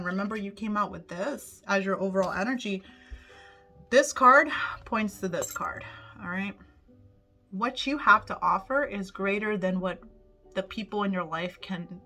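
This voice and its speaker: A woman talks through a tarot forecast in an easygoing, upbeat way, cursing casually and speaking straight to her audience. Her pitch sits in an ordinary middle range for a woman. Music plays clearly beneath her throughout the recording. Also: sharp tone. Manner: chatty, upbeat, swears freely, addresses viewers directly. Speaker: tarot reader. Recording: music playing under the voice. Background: background music.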